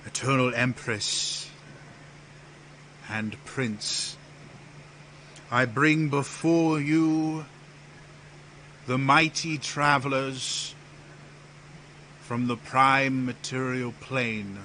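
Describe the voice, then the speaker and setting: A man voicing a pompous, fawning male herald with a grandiose, drawn-out delivery. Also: medium pitch, fairly even intonation, bright, forceful tone, slight background noise, pitched above the performer's own voice.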